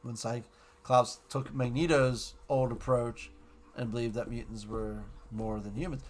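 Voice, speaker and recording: At a medium pitch, a man rambles happily through his thoughts on a cartoon episode, recapping and reviewing it in a casual way. Quick character quotes pop up throughout.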